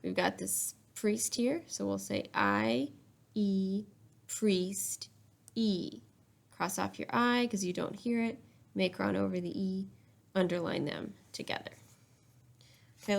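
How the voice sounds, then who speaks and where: A woman teacher talks young children through a spelling lesson, step by step and with patience. Her voice has a gravelly, fry-edged texture at an ordinary middle pitch. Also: unhurried. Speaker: third-grade teacher.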